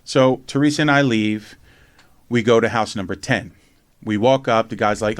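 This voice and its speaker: A man telling a lively personal story in casual conversation, acting out other people's lines and swearing casually. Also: medium pitch, fairly quick, no echo. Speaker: podcast host and memoir author.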